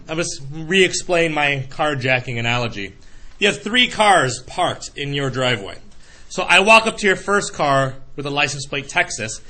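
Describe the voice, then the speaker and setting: A man teaching a history lecture in a classroom, lively and joking, acting out quick voices to explain his points. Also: on the high side. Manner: animated, acts out voices in analogies.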